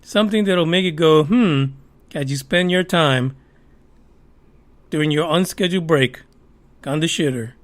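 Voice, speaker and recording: A man's voice: on the high side, moderate pace, long pauses, a bit bright. A man hosting a podcast, giving heated, profane, sarcastic commentary on the news. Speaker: podcast host.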